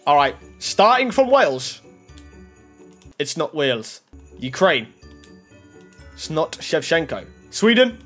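A young man giving casual pack-opening commentary, swinging from muttering to excited shouting. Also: high voice. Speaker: gaming YouTuber. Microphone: desk microphone.

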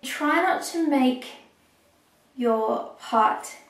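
A young woman talking through a hair tutorial step by step, a little hoarse as she is losing her voice. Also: high voice, far from the mic, slight background noise. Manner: chatty, explaining step by step with pauses. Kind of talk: casual how-to talk while working. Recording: echoey room, voice off-mic.

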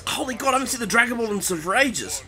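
A man giving live commentary over his own fighting-game match, excitable and quick to exclaim in alarm and poke fun at himself. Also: extremely high pitch. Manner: excitable, panicky exclamations and self-mocking. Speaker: gaming commentator.

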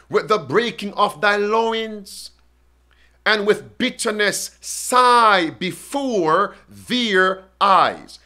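A man preaches with slow, deliberate emphasis, pausing to read scripture and quiz his listeners. His voice sits high and sounds bright and clear. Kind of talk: sermon and Bible reading.

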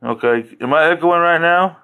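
A man's voice: fairly high pitch, normal speed, narrow, tinny audio. A man hosting a casual livestream, rambling from one joke to the next and chuckling often at his own stories. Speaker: livestream host.

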